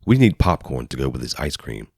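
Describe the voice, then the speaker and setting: Brief: deep-voiced man doing a young woman best friend, teasing and blunt, near his own low voice, dry studio audiobook. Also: big pitch swings, a little fast, creaky, darkish tone, slightly rough, no room sound, exaggerated voice.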